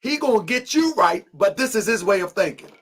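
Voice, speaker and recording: Give me an animated man reading a text aloud and reacting in casual commentary, with a high, lively voice. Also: brisk. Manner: animated, laughs often, casual slang. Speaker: online show host.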